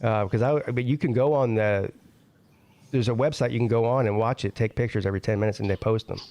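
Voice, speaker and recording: A man's voice: on the low side, steady tone, fast talker, darkish tone. A man hosting a casual online panel show, talking in rambling bursts with frequent restarts. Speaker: show host.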